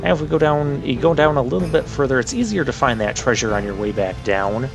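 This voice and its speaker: Man, let's play host, casual gameplay commentary, wry and chatty, gravelly voice, game music behind. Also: medium pitch, expressive, fast. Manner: wry, chatty, lightly sarcastic.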